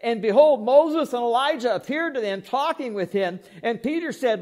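Man, sermon, high voice, dramatic swings from hushed to loud, playful storytelling. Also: lively intonation, moderate pace, hardly any pauses. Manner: humorous, acts out Bible characters. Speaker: pastor.

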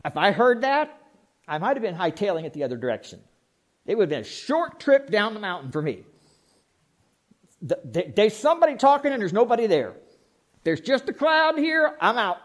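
Man, sermon, high voice, dramatic swings from hushed to loud, playful storytelling. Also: very animated, moderate pace, long pauses. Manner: humorous, acts out Bible characters. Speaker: pastor.

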